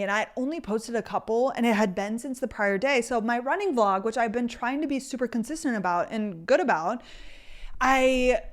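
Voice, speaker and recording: Woman, 20s, podcast host, casual solo chat, filler-heavy, slightly high-pitched. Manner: chatty, fillers of "like", casual swearing.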